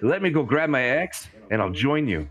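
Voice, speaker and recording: A man's voice: medium pitch, very animated, moderate pace, fairly bright tone, muffled recording. A man voicing a terse, hesitant woodsman who carries an axe. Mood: calm.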